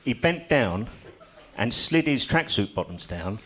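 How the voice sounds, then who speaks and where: A man's voice: medium pitch, very animated, measured pace, fairly bright tone, a little hiss or hum. An older man doing a stand-up comedy set on a club stage, telling stories with dry, self-mocking humor.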